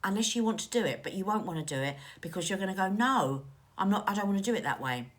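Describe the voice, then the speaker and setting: Woman, psychic medium, live card reading, affectionate and chatty, animated swooping pitch, phone mic. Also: quick pace. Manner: chatty and affectionate, calls viewers darling.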